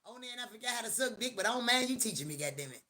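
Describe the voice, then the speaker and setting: A middle-aged woman hosting a live stream, talking in a loud, profane, joking rant. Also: a little high, animated, racing. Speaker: livestream host. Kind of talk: casual live-stream chat.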